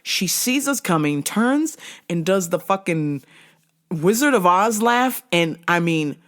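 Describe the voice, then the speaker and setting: A woman's voice: on the low side, slow. A woman hosting a podcast, telling a comedic story with lots of swearing and laughter. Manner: animated, swears freely, laughs often. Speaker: podcast host.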